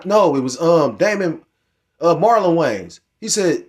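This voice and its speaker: A man's voice: a little high, animated, unhurried. A middle-aged man giving rambling, profane commentary on scripture and current events, heated and full of restarts. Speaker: religious commentator.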